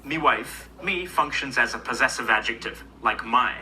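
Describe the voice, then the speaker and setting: A man giving scripted educational narration, explaining grammar in an even, explanatory way. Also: mid-range voice, normal speed, slight background noise, rough recording. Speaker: language video narrator.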